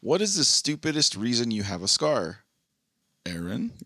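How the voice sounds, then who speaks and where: A man's voice: mid-range voice, very animated, moderate pace, a bit bright, no echo, studio quality. A man co-hosting a podcast, chatting in a laid-back way and reading out listener posts. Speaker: podcast co-host. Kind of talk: casual chat.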